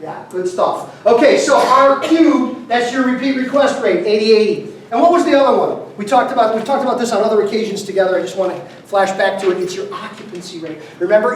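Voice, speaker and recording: A man giving an emphatic motivational seminar talk, repeating key numbers and quizzing his audience. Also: high-pitched. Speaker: business seminar speaker. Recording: very echoey room, mic far off, faint noise.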